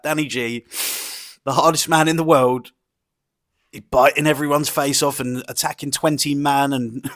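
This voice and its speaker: A man's voice: fairly high pitch, fairly bright tone. A man giving a mocking, exasperated commentary rant, swearing and laughing often. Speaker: YouTube commentator. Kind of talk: ranting commentary vlog.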